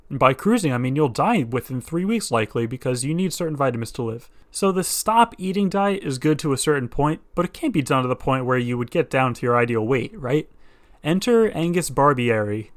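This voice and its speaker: A man giving scripted comedic narration with sarcastic, crude asides. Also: fairly high pitch.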